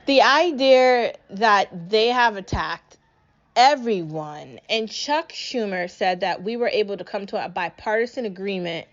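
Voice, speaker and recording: In lo-fi audio, a young New England podcaster delivers a furious political rant on her own, cursing heavily. She talks a little slowly in a mid-range voice.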